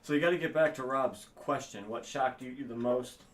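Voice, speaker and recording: A man's voice: mid-range voice, brisk, slight background noise. A man co-hosting a casual livestream, steering the talk in a plain, earnest way. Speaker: co-host.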